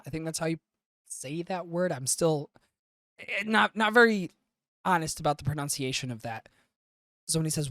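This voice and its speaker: Male podcast host, casual and profane recapper, fairly high voice, dry close recording. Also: animated, moderate pace, long pauses, a bit bright, no room sound. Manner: loose, profane storytelling with frequent fillers. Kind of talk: casual anime review recap.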